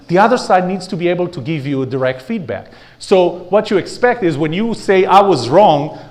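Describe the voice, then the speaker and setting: Male lecturer before a live room, higher-leaning voice that swings widely in pitch; blunt, gets the crowd to repeat lines. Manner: animated, has the audience repeat phrases; rhetorical questions, blunt. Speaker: leadership lecturer.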